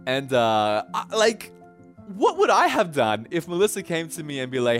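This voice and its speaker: A young man leads a relaxed scripture lesson in a chatty, storytelling way. His somewhat high voice swings lively up and down, and soft instrumental music plays faintly behind him. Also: moderate pace. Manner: animated storytelling, chatty and laughing often. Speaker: preacher. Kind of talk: casual Bible teaching.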